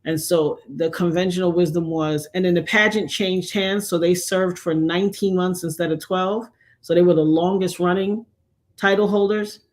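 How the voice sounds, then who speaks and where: A middle-aged woman hosting a livestream, chatting casually and telling animated stories while acting out the voices she quotes. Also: lowish voice, normal speed. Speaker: livestream host. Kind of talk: casual storytelling chat.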